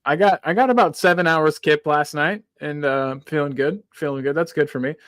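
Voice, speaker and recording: Man, Midwestern American accent, slightly high voice, chatty host, dry sound. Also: brisk, a bit bright, no echo. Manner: friendly, chatty, reads viewer comments. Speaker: podcast host. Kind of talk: casual football chat.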